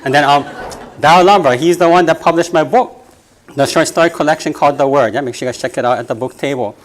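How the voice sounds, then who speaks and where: A man's voice: on the high side, fast talker. A man with a Hawaiian Pidgin accent, speaking on stage as a poet in casual, jokey talk. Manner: chatty, jokey, laughing. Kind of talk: casual talk and poetry reading. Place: stage before an audience.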